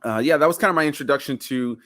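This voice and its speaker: A man's voice: fairly high pitch, fast talker, a bit bright, no room sound, clean studio sound. A man in his thirties from Miami, a guest reviewing a film in casual chat, rambling with lots of "like" and "you know". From Miami, United States.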